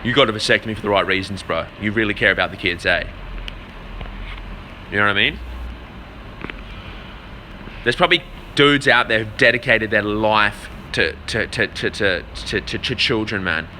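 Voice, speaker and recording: A man with a very bright, cutting voice rants bluntly to his live chat, dropping swear words and calling everyone "man" and "brother." He stalls on repeated words as he hunts for the next thought. A faint hum runs under him. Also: lowish voice, moderate pace, pauses often. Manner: repeats words while searching for them. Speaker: livestreamer answering chat. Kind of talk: casual rant to a live audience.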